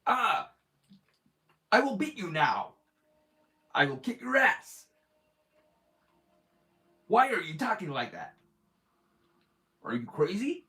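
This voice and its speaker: A man's voice: sits high, very animated, slow pace, pauses often, bright, forceful tone, voice pushed up, full character voice. A man mimicking a brash, boastful fighter from a badly dubbed martial arts movie, exaggerated and over the top. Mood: mocking bravado.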